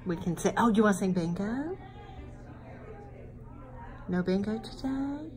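A woman's voice: medium pitch, animated, unhurried, darkish tone. A woman coaching a young child to speak, coaxing and playful, making animal sounds along the way. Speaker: speech therapy helper with a child.

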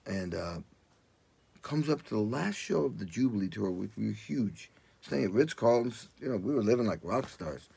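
An older man, a drummer, telling animated stories in a casual interview and acting out what people said. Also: normal speed, gravelly, breathy edge. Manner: animated, acts out quotes in loud high voices.

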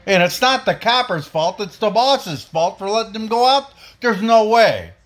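A man rants on a podcast, blunt and profane, his voice sitting high for a man. He swings between fired-up outbursts and low, hard-edged lines. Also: lively intonation, moderate pace, a bit bright. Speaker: podcast host. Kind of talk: angry opinion rant.

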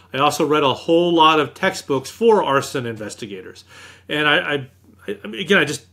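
A man as a guest author in an interview, telling anecdotes in a lively, self-deprecating way. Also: fairly high pitch. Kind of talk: storytelling in an interview.

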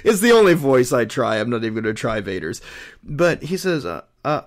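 A man's voice: mid-range voice, big pitch swings, fairly quick. A man casually retelling a comic book storyline, rambling with plenty of fillers and restarts. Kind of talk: casual chat.

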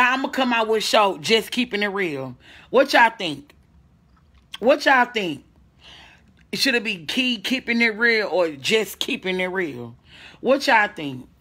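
A woman's voice: mid-range voice, animated, a little slow, sharp tone. A woman from the American Midwest hosting a casual, profane livestream from home, reading and answering viewer comments. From St. Louis, USA. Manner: brash, profane, reads viewer comments aloud. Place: at home, indoors.

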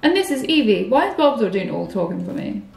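A woman's voice: a little high, big pitch swings, fast talker, creaky. A young woman hosting a casual gameplay chat, giggling and reading game text aloud. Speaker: gaming channel host. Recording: roomy, with game music behind.

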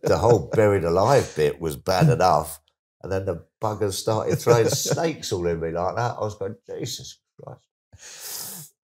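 A middle-aged man tells stories as an interview guest, chatty and animated, slipping into excited voices when he quotes people. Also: sits low, moderate pace. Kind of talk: casual storytelling interview.

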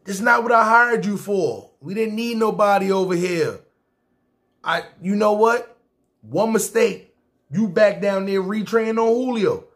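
A bossy male restaurant manager who doubts his new cook and snaps blunt, cursing orders at him. A New man quotes him in nearly his own voice. The voice sits a touch higher than most men's. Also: fast, hardly any pauses, a bit bright. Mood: scolding.

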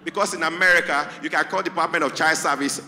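A man with a Nigerian accent doing stand-up comedy, telling jokes in a lively, animated way, heard in a large hall. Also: a little high, quick pace. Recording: echoey hall.

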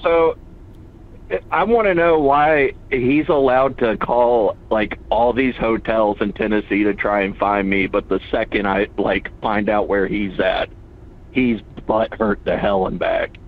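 A man calling in to a radio show, taunting another caller and telling him to calm down. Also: on the low side, unhurried. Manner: taunting, falsely soothing. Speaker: phone-in caller. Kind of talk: heated call-in argument. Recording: tinny phone line.

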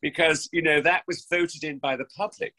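Effusive older English actor, bright voice. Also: male voice, on the high side, steady tone, moderate pace, rough recording. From England, West Country. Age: 60s. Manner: effusive, theatrical, with many restarts. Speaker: guest, actor. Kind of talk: remote interview chat. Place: home during lockdown.

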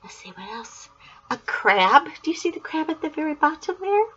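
An older woman hosts a storytime, reading a picture book aloud to young children. Her voice is high and swoops up and down as she asks questions and cheers answers. It comes through a muffled, lo-fi recording. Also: very animated, normal speed, fairly bright tone. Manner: sing-song, asks the listener questions and praises answers.

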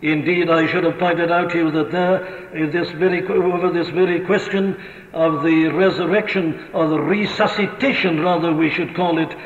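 A man preaching a sermon, impassioned and emphatic, who asks question after question and repeats his points. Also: fairly high pitch. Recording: lo-fi archive recording in an echoey hall.

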